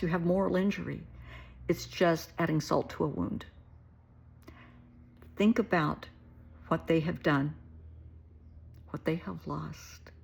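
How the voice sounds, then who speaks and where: A middle-aged woman with a low voice that has some gravel and a husky edge speaks directly to her viewers. She is a therapist, and her talk is earnest and heartfelt. She calls her listeners sweetheart. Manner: warm, earnest, emotional, addresses viewers as sweetheart.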